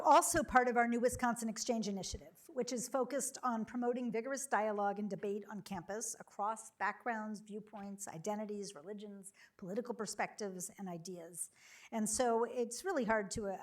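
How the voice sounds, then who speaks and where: A middle-aged woman moderating a public conversation before an audience, welcoming and relaxed with frequent ums and uhs. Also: medium pitch, brisk. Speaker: university chancellor moderating a campus conversation. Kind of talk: hosting a public onstage conversation. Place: lecture hall before a live audience.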